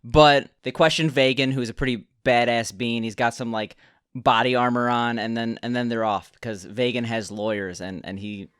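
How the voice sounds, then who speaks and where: A man's voice: mid-range voice, fairly even intonation, normal speed, fairly bright tone, clean tone, dry recording, clean studio sound. A young man co-hosting a podcast, recapping a movie in casual chat and often repeating words as he starts a sentence. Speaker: podcast co-host.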